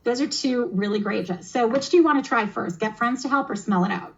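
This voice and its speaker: A woman's voice: on the high side, fairly quick, lo-fi sound. Encouraging woman running a kids' game. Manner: encouraging, teacherly, chatty. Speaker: game master and presenter. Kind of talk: explaining and running a kids' tabletop game demo.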